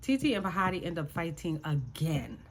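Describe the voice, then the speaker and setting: A woman's voice: sits low, big pitch swings, moderate pace, slight background noise. A woman recapping a reality show in casual chat, sassy and exasperated as she talks to her viewers.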